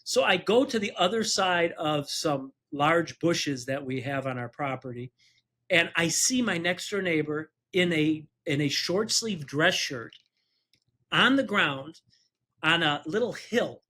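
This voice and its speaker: A man's voice: on the high side, lively intonation, measured pace, bright, forceful tone. A man who is a personal injury attorney co-hosting a podcast, telling an anecdote casually, chuckling through it and acting out the voices of people he quotes.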